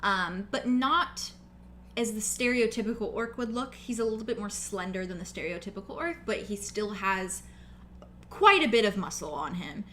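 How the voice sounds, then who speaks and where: A woman's voice: mid-range voice, animated, moderate pace, a bit bright, a little hiss or hum. A woman running a tabletop game as game master, narrating casually with lots of fillers, over a video call.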